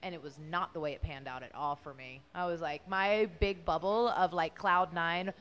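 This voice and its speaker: A woman's voice: on the low side, fairly even intonation, moderate pace, fairly bright tone. A woman in her thirties telling a story as an interview guest, chatty and full of fillers, chewing gum while she talks. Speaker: guest, former wrestler.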